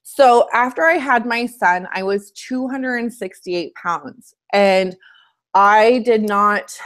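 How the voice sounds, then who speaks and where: A woman's voice: mid-range voice, slow, a bit bright. A woman coach hosting a casual live stream from home, chatty and candid as she shares her personal story.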